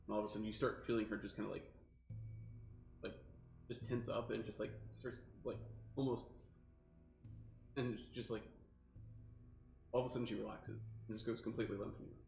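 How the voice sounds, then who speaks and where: A low-pitched man runs a tabletop game, his voice gravelly with fry. He describes each scene in loose, rambling sentences packed with fillers. The room is echoey, with faint music playing underneath. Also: level tone, a little fast, long pauses, darkish tone. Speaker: game master.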